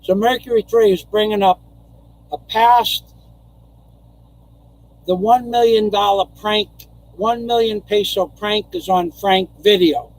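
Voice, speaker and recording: A man's voice: sits high, rough recording. An older man from New York rambling through a casual live stream, repeating phrases and chuckling as he goes.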